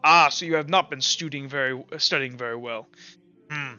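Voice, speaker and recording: A man's voice: mid-range voice, brisk, sharp tone, clean tone, lo-fi sound. A man voicing a pompous, stern older male priest in a tabletop game, haughty and scolding.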